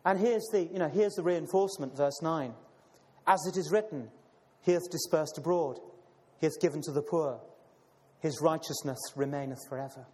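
A man's voice: a little high, moderate pace, a little mellow. A man preaching a sermon and reading scripture, calling listeners brothers and sisters, with many fillers and repeated words. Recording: long hall reverb.

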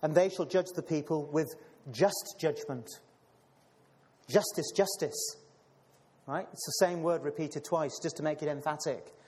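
Guy preaching, bit high voice, lots of ums and restarts, long echo like a big hall. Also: moderate pace, darkish tone. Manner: addresses listeners as brothers and sisters; frequent fillers and repeated words. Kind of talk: sermon with scripture reading.

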